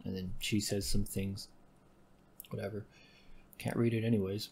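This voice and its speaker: A man giving casual gameplay commentary, rambling and correcting himself with deadpan asides. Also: on the low side, moderate pace, creaky, long pauses, slightly rough. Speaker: gaming commentator.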